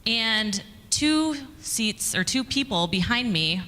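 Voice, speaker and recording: A woman's voice: a little high, expressive, takes it slowly, pushed and bright. A woman telling a story to a conference audience in a chatty, conversational way, with fillers and restarts. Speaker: conference speaker, communications director. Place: conference hall. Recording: reverberant conference hall.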